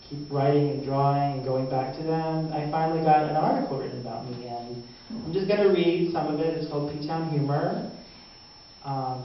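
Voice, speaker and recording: Hesitant stand-up man in a very echoey room. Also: fairly high pitch. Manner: meandering, hesitant, frequent ums and self-laughing asides. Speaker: stand-up comedian. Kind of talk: open mic stand-up. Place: small open mic venue. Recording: dull lo-fi room recording from far off, very echoey, faint hum.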